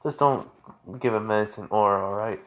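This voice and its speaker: A man's voice: lowish voice, brisk, close to an everyday voice. A man voicing a young male hero who leads a guild, talking in a casual, easygoing way.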